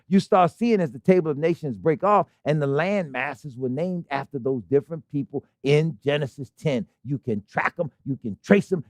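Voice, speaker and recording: Emphatic high-voiced male preacher, dry sound. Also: dry recording. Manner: emphatic, conversational preaching with rhetorical questions. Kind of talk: fiery sermon. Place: assembly hall in Baltimore.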